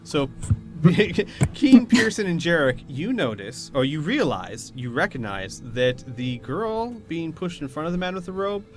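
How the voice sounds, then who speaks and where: A man's voice: on the high side, big pitch swings, measured pace, music in the background. Chatty man narrating as game master. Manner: descriptive, chatty, laughs easily, explains rules. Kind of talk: narrating a tabletop role-playing game.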